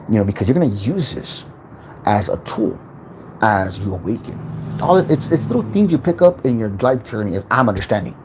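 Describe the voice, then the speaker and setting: Rambling, lively-voiced man on a livestream. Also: lowish voice, a little hiss or hum. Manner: rambling, repeats words, swears freely, animated. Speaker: spiritual self-help livestream host. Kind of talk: casual livestream monologue.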